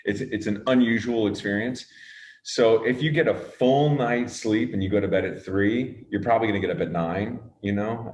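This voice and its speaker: A man with a very low voice talks through his working habits as an interview guest, pausing often with fillers and restarting sentences. He drops the odd casual swear word. The room around him is echoey. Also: a little hiss or hum. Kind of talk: relaxed conversational interview.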